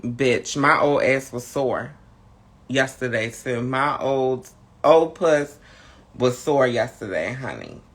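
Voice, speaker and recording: A camp, sassy host drawling through a casual live-stream chat, tired and low on energy. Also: male voice, expressive, slow.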